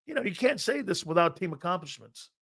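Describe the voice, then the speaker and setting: A man's voice: sits high, very animated, brisk, vocal fry, a bit bright. A man hosting a live sports talk show, arguing his opinions emphatically and repeating himself as he builds a point.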